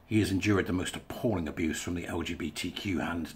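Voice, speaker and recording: A man's voice: low-pitched, a little fast, a little hiss or hum. A man reading a thread aloud and adding chatty, wry asides as a commentator. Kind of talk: casual monologue reading and commenting.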